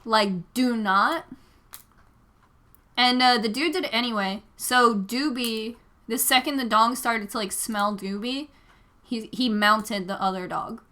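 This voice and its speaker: A young woman chats through a casual crafting livestream, wandering from story to story with plenty of filler words. Her voice is bright and a bit higher than most. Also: measured pace. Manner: chatty, rambling, frequent "like" fillers. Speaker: livestreaming vlogger.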